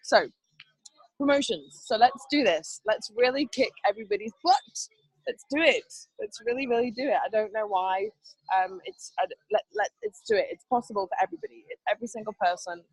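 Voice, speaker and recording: A woman's voice: a little high, a little fast, husky, no echo, rough recording. A woman leading a team training over a video call, upbeat and chatty, laughing often. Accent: not Canadian. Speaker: team leader.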